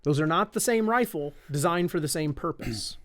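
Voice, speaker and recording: A man's voice: a little high, lively intonation, a bit bright, dry recording. Dry-voiced man explaining with examples. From Indiana. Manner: explains with quick hypothetical examples. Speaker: optics company guest. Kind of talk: podcast conversation.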